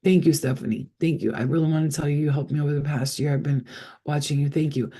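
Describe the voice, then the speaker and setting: Chatty man with a husky voice. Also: a little high, steady tone, quick pace, warm tone. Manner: rambling, chatty and swearing, talking to viewers. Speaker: psychic reader, live streamer. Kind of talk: casual live-stream chat.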